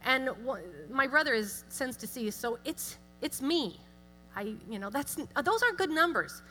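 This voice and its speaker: A middle-aged woman giving a chatty, self-deprecating church talk with animated asides. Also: sits high, unhurried. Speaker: guest speaker. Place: church sanctuary. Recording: long hall reverb with music.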